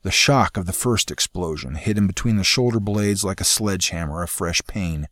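A man reading a fantasy novel aloud in a measured, dramatic storytelling manner. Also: sits low, a bit bright, dry recording, clean studio sound. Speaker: audiobook narrator. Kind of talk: scripted fantasy narration.

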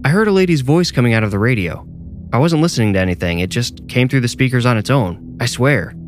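A man's voice: medium pitch, expressive, fast talker, faint music behind, voice pushed up, natural voice. A man voicing a frightened, deadly serious male mover in a horror story, grim and insistent.

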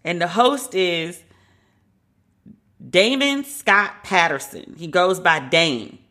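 A woman's voice: lowish voice, animated, slow pace, pushed and bright. A woman hosting a podcast, giving candid, opinionated commentary in a casual, conversational way. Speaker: podcast host.

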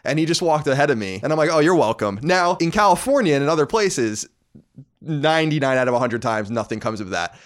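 Brief: male podcast host, faded New York accent, rapid sardonic delivery, lively swooping pitch. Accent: New York, mostly faded. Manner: fast, sardonic, animated delivery. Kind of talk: casual podcast chat.

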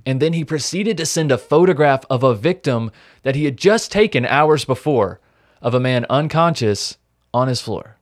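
A man's voice: medium pitch, animated, normal speed. Young guy podcast cohost, mid voice, tells the case and cracks dry jokes. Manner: storytelling, reads quotes aloud, wry jokes. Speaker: podcast co-host. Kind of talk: casual true-crime podcast chat.

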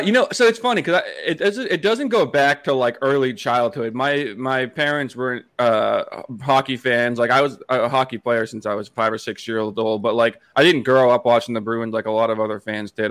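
A man's voice: medium pitch, normal speed, fairly bright tone, clear, resonant tone, no room sound. A man in his late twenties from Massachusetts, a podcast guest telling stories in a chatty way with many restarts. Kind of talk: casual storytelling chat.

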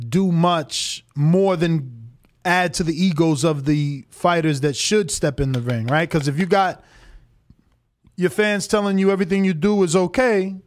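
A man hosting a boxing call-in show, challenging the caller with rapid questions. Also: on the high side, dry recording, studio quality. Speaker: podcast host taking calls.

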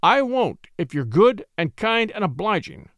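A man voicing a cool, cunning young attorney in a story reading, smooth and commanding. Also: high voice, very animated, normal speed, no echo, studio quality. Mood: stern. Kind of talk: audiobook character voice.

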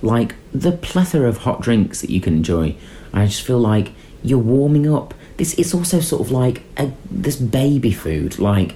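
A man's voice: medium pitch, moderate pace, slight background noise. A man on a podcast, chatting casually and riffing comically. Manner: comic, animated, riffs with mock voices. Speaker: podcast guest. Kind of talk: casual chat.

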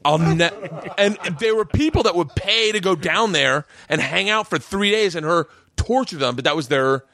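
A man's voice: high voice, moderate pace, pushed and bright, no room sound. A man casually telling a wild story, laughing often and acting out the quotes himself. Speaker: podcast guest.

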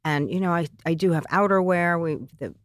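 A woman's voice: on the low side, fairly even intonation, brisk, no echo, clean studio sound. A middle-aged woman chatting as a podcast guest, rambling a little with fillers and restarts. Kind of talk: casual chat. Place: studio.

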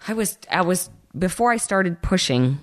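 A woman telling her own story in a casual, animated way, acting out the people she quotes and speaking straight to her listeners. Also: on the low side, normal speed, dry recording. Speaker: host telling a personal story.

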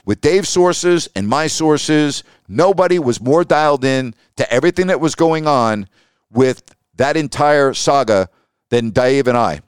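Emphatic smooth-voiced male podcast host. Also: on the high side, dry recording, studio quality. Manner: emphatic, animated, acts out quoted voices. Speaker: podcast host and sports broadcaster. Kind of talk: storytelling monologue.

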